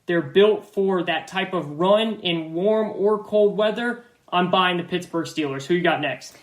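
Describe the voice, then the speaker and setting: A man's voice: high-pitched, a little slow, echoey room. A man hosting a football podcast, giving confident, emphatic opinions and often repeating his phrases. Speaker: podcast host. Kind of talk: sports podcast analysis.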